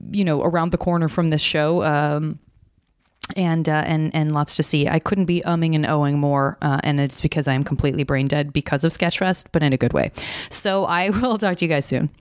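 An American woman hosts a relaxed podcast chat. Her voice sits on the lower side, and she rambles a little, with ums and restarts as she goes. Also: brisk. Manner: rambling, many fillers and restarts. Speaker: podcast host. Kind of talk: casual interview chat.

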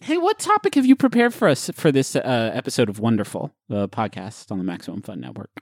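A man co-hosting a podcast, joking his way through playful ad reads and casual chat. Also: brisk. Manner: jokey, goofy asides, lively swings in pitch. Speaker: podcast co-host.

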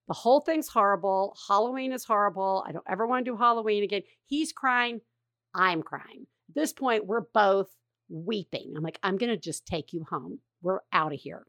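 A woman's voice: mid-range voice, fairly bright tone, no echo, clean studio sound. A middle-aged woman hosting a podcast, telling a rambling, self-deprecating story in casual chat and swearing freely. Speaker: podcast host.

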